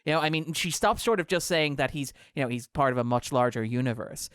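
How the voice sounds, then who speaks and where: A man co-hosting a casual show discussion, chatty and animated with lots of fillers. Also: medium pitch, fast talker, clear, resonant tone, no echo, studio quality. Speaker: podcast co-host. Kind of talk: casual chat.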